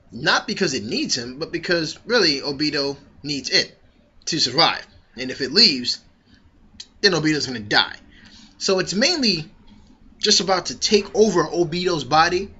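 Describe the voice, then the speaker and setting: Excitable, profane male vlogger. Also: fairly high pitch, breathy edge. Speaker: comic-chapter reviewer. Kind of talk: casual vlog review. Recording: dull lo-fi recording.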